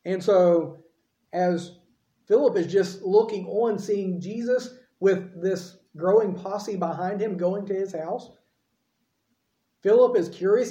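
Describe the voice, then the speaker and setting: A man's voice: sits high, warm tone, lo-fi sound. A man preaching a sermon in a conversational way, often putting questions to his listeners. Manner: conversational, asks the audience questions. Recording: roomy echo.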